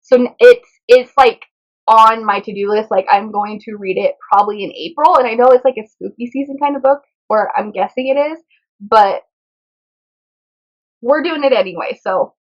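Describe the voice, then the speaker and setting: A woman's voice: on the high side, moderate pace. Chatty bubbly woman, slightly muffled. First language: Spanish. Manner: bubbly, chatty, says "y'all" and "like" a lot. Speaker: booktube host. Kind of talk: casual book haul chat.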